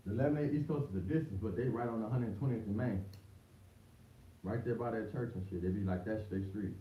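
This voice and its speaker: A livestreaming man with a lowish voice talks a little fast, full of slang, wandering off topic and frequently backing up to restart or repeat words. The recording is distant and roomy, captured on a muffled, dull mic carrying a faint hiss.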